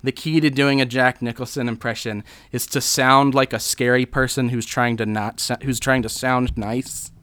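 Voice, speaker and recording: A man's voice: medium pitch, steady tone, normal speed, few pauses, fairly bright tone, clean tone. A man hosting a podcast, telling rambling, crude, absurd comedy bits in casual chat. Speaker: podcast host.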